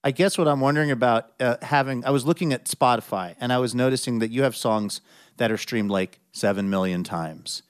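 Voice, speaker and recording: A man's voice: medium pitch, a little fast, smooth, no echo, clean studio sound. A man hosting a radio show, asking meandering, thoughtful interview questions.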